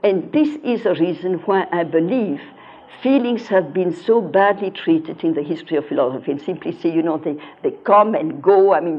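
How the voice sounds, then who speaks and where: In a dull, lo-fi recording, an older woman lectures on philosophy and shares stories from her years of teaching. Her voice sits on the low side with a slight roughness, and she leans earnestly on important words.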